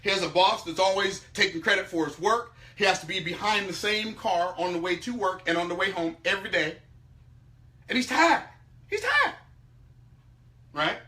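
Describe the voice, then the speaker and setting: High, bright-voiced emphatic man. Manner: emphatic, swings between loud outbursts and low asides. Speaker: speaker teaching about money. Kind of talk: animated storytelling talk.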